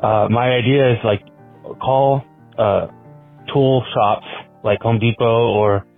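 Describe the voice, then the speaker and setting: A man leaving a halting voicemail full of pauses to pitch a prank idea. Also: fairly even intonation, faint music behind. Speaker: caller. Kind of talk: phone voicemail. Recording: tinny phone line.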